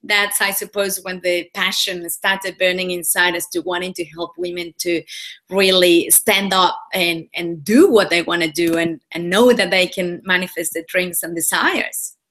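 A woman's voice: on the low side, normal speed. A woman from Mexico with a Spanish accent, telling her story earnestly as an interview guest on a video call, with many "you know"s. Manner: animated, earnest storytelling with frequent fillers. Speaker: women's leadership coach.

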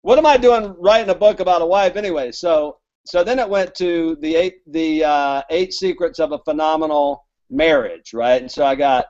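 A man, raised in Alabama, tells long, winding stories as a guest author, acting out the lines of the people in them. His voice sits a little higher than most men's. The recording sounds dull and lo-fi. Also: moderate pace, few pauses, darkish tone. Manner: rambling, chatty, acts out quoted dialogue. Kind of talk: casual storytelling interview. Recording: dull lo-fi audio.

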